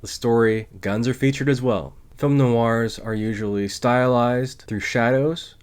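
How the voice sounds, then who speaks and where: A man's voice: medium pitch, fairly even intonation, measured pace, clean tone. A man hosting a podcast, giving a casual spoken film review and explaining step by step with small restarts. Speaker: podcast host reviewing films.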